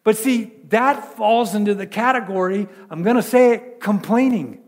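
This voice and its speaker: High-voiced pastor preaching in a reverberant hall. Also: male voice, normal speed. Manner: conversational preaching with many repeated words and rhetorical questions. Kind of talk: sermon.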